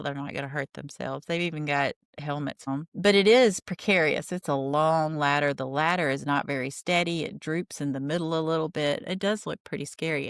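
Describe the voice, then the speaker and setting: A woman's voice: sits low, fairly bright tone, no room sound, clean studio sound. A woman hosting a podcast, recapping a TV show in a chatty, wry, gossipy way. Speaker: podcast host. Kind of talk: casual TV recap.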